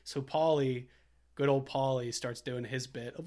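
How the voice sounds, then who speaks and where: A young man co-hosts a film podcast in a mid-range, steady, somewhat mellow voice at a measured pace. He chats casually, retelling scenes with quoted lines and laughter.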